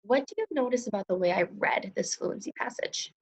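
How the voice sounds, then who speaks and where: A young woman teaching a recorded lesson to second graders, speaking slowly, crisply and clearly in an encouraging way. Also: medium pitch, lively intonation. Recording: slightly dull lo-fi recording.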